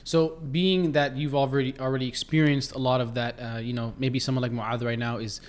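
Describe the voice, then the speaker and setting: A man's voice: medium pitch, flat delivery, brisk. Thirties canadian guy hosting a podcast, easygoing, asks long rambling questions. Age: 30s. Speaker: podcast host. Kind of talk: casual interview talk.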